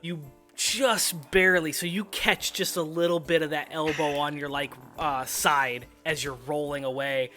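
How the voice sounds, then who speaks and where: Bright-voiced man running a tabletop game. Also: fairly high pitch, fairly even intonation, unhurried, hardly any pauses, soft background music. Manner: laid-back, loose narration with fillers and laughs. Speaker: game master.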